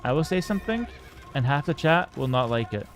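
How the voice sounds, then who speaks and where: A man's voice: a little high, big pitch swings, a little fast, a little hiss or hum. A young man, streaming and commenting on a game with cocky, joking banter toward his chat. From Canada. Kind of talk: casual live-stream gameplay commentary.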